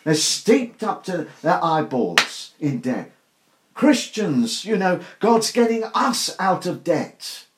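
A man's voice: sits high, sing-song, slow. An older man preaching an informal sermon to a small group, earnest and emphatic, asking rhetorical questions. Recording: roomy echo.

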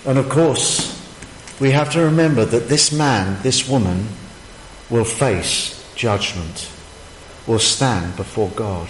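Male preacher, slow deliberate delivery, echoey church hall with long reverb. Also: medium pitch, a little hiss or hum. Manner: emphatic preaching, rhetorical questions, pauses. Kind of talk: sermon. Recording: echoey hall, faint ambience.

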